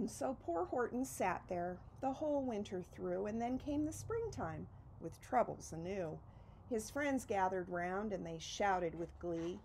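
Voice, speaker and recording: Expressive woman reading a picture book. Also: medium pitch, a little slow, vocal fry, slight background noise, poor audio. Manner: expressive, lively storytelling. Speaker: reader.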